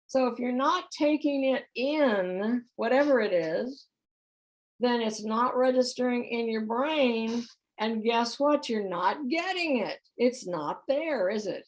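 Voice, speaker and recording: A woman's voice: sits high, lively intonation, takes it slowly, low-quality recording. A middle-aged woman giving a conversational talk about relationships, often putting questions to her audience. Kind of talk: spiritual center talk.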